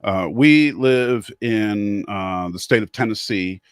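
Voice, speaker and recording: A man's voice: fairly low pitch, smooth, no echo, clean studio sound. A middle-aged American man chatting casually on a video call, often restarting his sentences. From United States. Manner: halting, with repeated restarts. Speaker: guest streamer.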